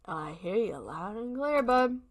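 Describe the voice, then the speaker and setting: A woman voicing a solemn angel who speaks to a human, talking slow, low and drawn out. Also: big pitch swings.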